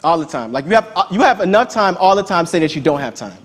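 A man's voice: sits high, big pitch swings, fast. A man preaching a sermon in a conversational, emphatic way, often repeating key words.

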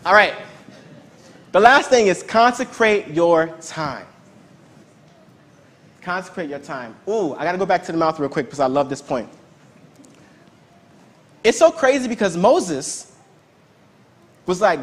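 A preacher with a notably high, sing-song voice delivers a sermon loosely and conversationally, as if chatting with his congregation, leaning on repetition for emphasis. He talks a little slowly, pauses often, and has a fairly bright tone.

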